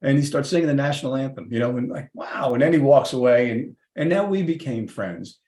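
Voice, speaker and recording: A middle-aged man, a podcast guest, telling a workplace story in a lively, casual way and acting out the people in it. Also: medium pitch, brisk. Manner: lively, acts out the people in his stories. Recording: roomy echoey room.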